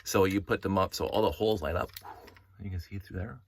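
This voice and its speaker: A middle-aged man excitedly showing toy pieces from his collection, talking in a rambling way with many restarts and tangents. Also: sits low, fairly quick, slight background noise. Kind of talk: casual show-and-tell vlog.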